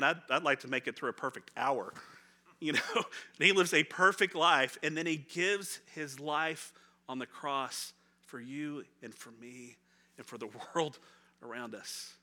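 A middle-aged man, a pastor, preaching a sermon in a conversational, animated way, acting out the voices of people in the story and laughing now and then. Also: a little high. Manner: laughs often, repeats words when restarting.

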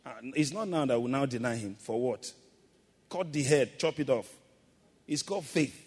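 Male preacher, mid-pitched voice, call and response, long echo in the church hall. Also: expressive, moderate pace, husky. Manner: call-and-response preaching, swings from loud exhortation to quiet emphasis. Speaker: pastor. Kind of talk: sermon.

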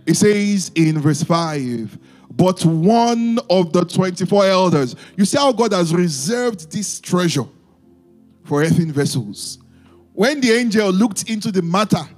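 A man's voice: high-pitched, expressive, normal speed, a little mellow, faint music behind. A man preaching a fervent sermon, reading scripture and calling on the congregation to respond.

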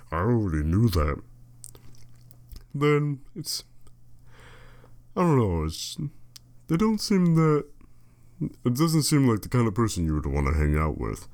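A man's voice: low voice, a little mellow. A man rambling on in a casual monologue, reading a short entry aloud and adding dry, wandering asides full of fillers. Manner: meandering, dry joking, many fillers and restarts. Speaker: solo talker reading a fruit entry aloud.

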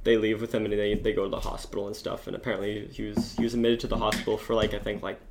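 A man's voice: fairly low pitch, flat delivery, racing, slight background noise. Rambling man telling a story. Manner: rambling, many filler "like"s and restarts. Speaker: storyteller in group chat. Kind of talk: casual chat.

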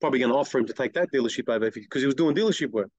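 A middle-aged man, a guest telling blunt, lively stories in an interview and acting out other people's lines. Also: mid-range voice, very fast, highs cut off. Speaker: guest, car detailing business owner. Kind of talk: casual interview storytelling.

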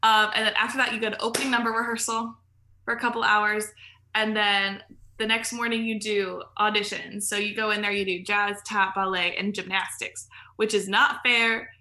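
A woman's voice: medium pitch, flat delivery, moderate pace, bright, forceful tone. A woman guest on a podcast, telling stories in casual chat, full of "like" fillers and laughing as she goes. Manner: chatty, filler-heavy storytelling with frequent laughs.

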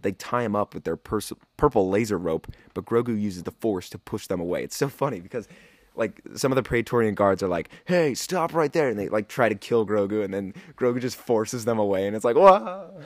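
A male podcast host giving a casual, excitable episode recap in a slangy style, often saying "dude". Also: fairly low pitch, a little fast, no echo.

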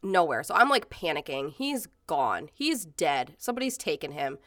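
A woman's voice: sits low, very animated, normal speed, a bit bright, no room sound, clean studio sound. A woman in her thirties telling stories in casual chat, rambling with many fillers and swearing freely. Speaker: podcast co-host.

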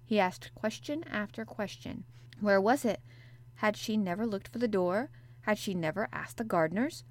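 A woman narrating a classic novel in an even, measured storytelling manner. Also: mid-range voice. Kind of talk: audiobook narration.

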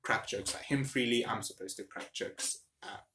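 Young man, casual chat, bright forceful tone, joking and blunt, faint background hiss. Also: lowish voice, moderate pace, echoey room. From India. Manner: blunt, joking, animated opinions. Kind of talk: casual chat between friends.

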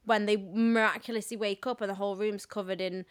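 A woman's voice: medium pitch, steady tone, a little fast. A young woman co-hosting a podcast in casual chat, giggly and swearing freely as she tells stories. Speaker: podcast co-host.

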